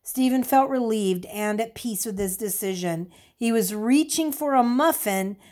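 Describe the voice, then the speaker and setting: Calm woman reading a story aloud. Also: fairly high pitch, unhurried. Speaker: audiobook narrator. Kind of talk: scripted narration.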